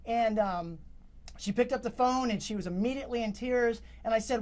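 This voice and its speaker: Male interview guest, high-ish voice, rambling storyteller with frequent restarts. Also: brisk, darkish tone. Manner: rambling, full of restarts and fillers. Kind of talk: recounting events in an interview.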